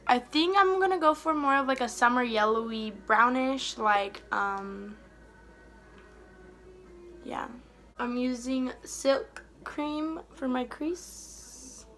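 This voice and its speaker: A young woman chatting casually while doing her makeup for a beauty vlog, rambling and trailing off softly mid-thought. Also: sits high, animated, slow, soft background music. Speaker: beauty vlogger. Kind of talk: casual get-ready-with-me chat.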